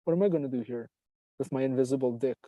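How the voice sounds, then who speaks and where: A man's voice: mid-range voice, fast talker, warm tone, no room sound, rough recording. A man in casual podcast chat, telling a rambling, profane story and acting out the voices in it. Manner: profane, rambling, laughs often, acts out voices in his story.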